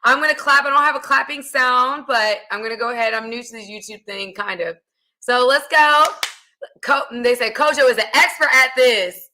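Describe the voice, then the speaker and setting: A young American woman is hosting a casual livestream. Her voice sits a little high and has a bright, forward edge. She talks in a lively, chatty way and calls her viewers y'all. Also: moderate pace. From United States. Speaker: host.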